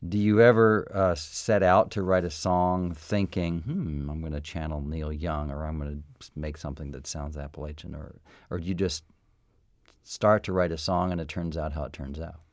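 A male interviewer with an extremely low, deep voice asks careful questions, hesitating and hunting for names as he goes. The sound is dry and close, with no room echo. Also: little pitch movement, moderate pace. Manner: thoughtful, searching for words with many fillers. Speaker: radio interviewer. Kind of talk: casual interview.

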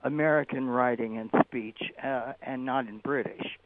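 Polite male caller, middling pitch, phone-line thin. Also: fairly even intonation, moderate pace, background noise. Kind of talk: radio call-in.

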